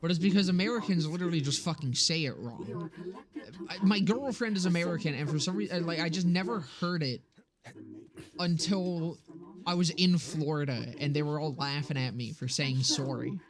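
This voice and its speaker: Profane, animated young man streaming. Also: a little high, moderate pace, a crowd in the background. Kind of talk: casual game-stream chat.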